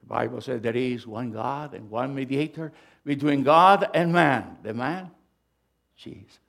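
A middle-aged male pastor preaching a sermon, swinging from loud, emphatic bursts to hushed asides. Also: mid-range voice, a little slow, gravelly.

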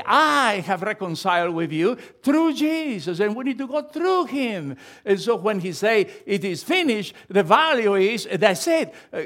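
Lively, high-voiced preaching man. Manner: impassioned preaching with storytelling asides. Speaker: pastor. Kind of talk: sermon.

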